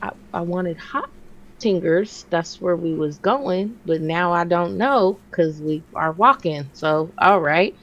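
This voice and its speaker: A woman in her thirties co-hosting a podcast, telling a story in casual chat and jumping her pitch to act out what others said. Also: slow, highs cut off. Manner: animated, acts out quotes with big pitch jumps. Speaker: podcast co-host.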